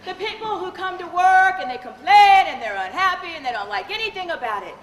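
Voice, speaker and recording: A woman with a high, very lively voice leading a corporate training session, teasing and quizzing her audience. She is recorded in a large, echoey event hall with a long reverb. Faint background noise sits under the voice. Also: a little fast, some chatter behind. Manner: animated, humorous, quizzes the audience. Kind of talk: live seminar talk.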